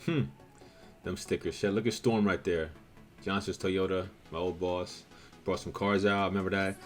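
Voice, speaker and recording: A man's voice: low voice, steady tone, normal speed, soft background music. A man in his thirties, recording a casual reaction vlog outdoors. He swears a lot and swings between frustration and hype as he reacts to old footage. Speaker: car show organizer reacting to old footage.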